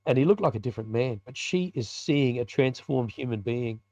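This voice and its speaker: A man's voice: mid-range voice, animated, a little fast, a little mellow, no echo. An Australian man, a biker ministry leader, telling a personal story in a podcast interview in a colloquial, vivid way and acting out the dialogue.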